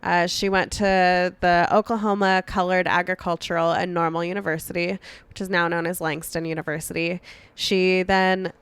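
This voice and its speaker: A woman's voice: lowish voice, flat delivery, moderate pace, clear, resonant tone, no echo. A young adult woman co-hosting a podcast, telling a history story in casual chat full of filler words. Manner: chatty, many "like" fillers, retells history conversationally. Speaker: podcast co-host.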